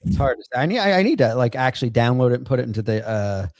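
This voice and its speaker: A man's voice: medium pitch, very animated, darkish tone. A man at a home setup, hosting his show in casual talk. He speaks in stops and starts, with fillers, restarts and easy swearing. The sound is close and dry, without room echo. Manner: halting, many restarts and fillers, swears freely. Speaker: podcast host. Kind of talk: casual chat.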